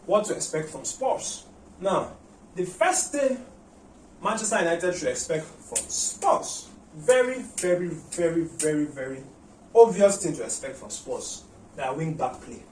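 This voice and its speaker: A man breaks down an upcoming football match as an analyst, lively and repetitive, leaning on "you know" as he goes. His voice sits a little high for a man. He is recorded in a roomy space, a little away from the mic, with a faint hum of room noise behind him. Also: a little slow. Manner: animated, repeats words, many "you know" fillers. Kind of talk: tactical match preview. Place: room at home. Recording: roomy echo, mic at a distance.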